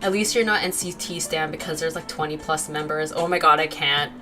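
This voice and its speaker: Brief: young woman streamer, lowish voice, chatty and giggly, faint music behind. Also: a little fast. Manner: chatty, giggly, lots of fillers, reads chat aloud. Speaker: art livestream host. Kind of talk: casual chat while drawing.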